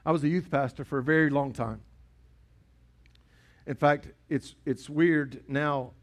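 A man's voice: fairly high pitch, steady tone, measured pace. A middle-aged man, a pastor preaching a sermon in a chatty storytelling way. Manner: storytelling, conversational preaching with acted dialogue.

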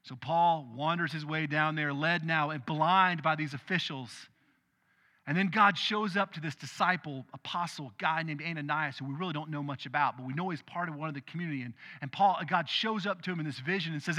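A male pastor preaching a sermon in an animated, conversational way, with quick asides. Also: a little high, long reverb tail.

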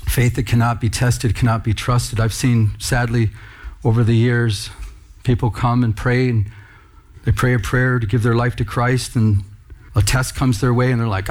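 A man's voice: medium pitch, fairly even intonation, normal speed. A man preaching a sermon in church, talking conversationally and with emphasis, calling out to the congregation. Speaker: pastor.

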